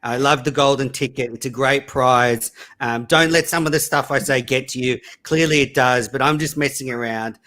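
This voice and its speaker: A man's voice: medium pitch, steady tone, normal speed, few pauses, sharp tone. A male guest in casual chat, defending himself with lots of fillers and hesitations.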